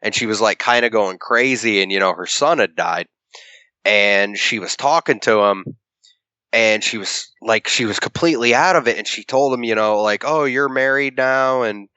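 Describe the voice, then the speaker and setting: Lo-fi low-voiced man retelling a comic plot. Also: normal speed, bright, forceful tone, clear, resonant tone, no room sound. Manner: retells the plot at length, acting out the characters' lines, swears casually. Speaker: podcast co-host. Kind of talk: casual comic book review chat. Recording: dull lo-fi podcast audio.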